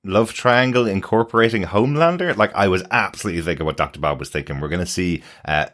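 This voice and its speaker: A man's voice: low voice, a bit bright. A man with a British accent co-hosting a podcast, chatting enthusiastically and readily agreeing. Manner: enthusiastic, agreeable, quick to say absolutely. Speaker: podcast co-host. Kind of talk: casual chat.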